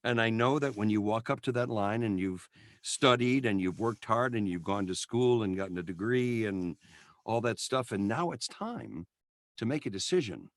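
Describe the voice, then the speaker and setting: A middle-aged man co-hosting a casual chat, an animated storyteller who acts out the people he quotes. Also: on the low side, moderate pace, no room sound, studio quality. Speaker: podcast co-host, voiceover coach.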